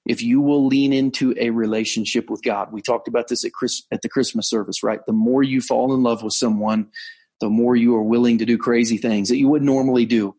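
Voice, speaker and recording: A man, a pastor, telling a story in a conversational sermon, earnest, slowing down to stress key points. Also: medium pitch, steady tone, warm tone. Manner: earnest storytelling, frequent restarts and slowed emphasis. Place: on location abroad.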